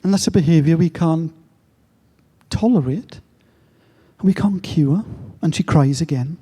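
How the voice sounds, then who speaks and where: A middle-aged man tells a story at an unhurried pace, leaving long pauses between phrases. His voice sits a little high for a man, yet it sounds mellow and soft. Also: husky. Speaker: speaker telling a story. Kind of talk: slow, reflective storytelling talk.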